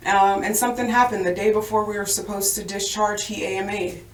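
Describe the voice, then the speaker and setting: A woman guest telling her recovery story in a halting way, with many restarts and fillers. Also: mid-range voice, fairly even intonation. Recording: roomy, distant mic.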